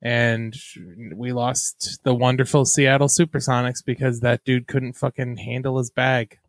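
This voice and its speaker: A man's voice: medium pitch, flat delivery, a little slow, dry recording. A man co-hosting a casual comedy podcast, riffing crudely and laughing often. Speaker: podcast co-host.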